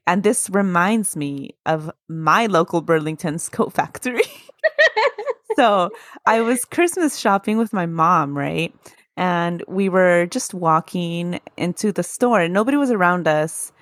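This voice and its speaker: On a casual spooky podcast she co-hosts, a woman tells stories and chats in a lowish voice at a moderate pace. Animated and laughing often, she acts out the voices she quotes, recorded with studio quality and no echo.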